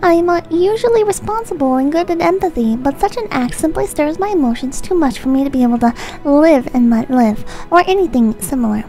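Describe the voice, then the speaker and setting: A woman streamer reading viewer messages in a soft, close-miked ASMR voice, irreverent and prone to swearing, shifting into a mock-solemn reading tone. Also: sits high, animated, a little fast, few pauses, faint music behind. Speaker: streamer host.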